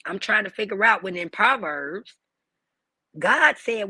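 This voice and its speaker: A woman's voice: mid-range voice, big pitch swings, a little slow, sharp tone, breathy edge, no echo. A woman hosting a livestream, ranting in a blunt, profane and preachy way. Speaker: livestream host. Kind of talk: heated livestream rant.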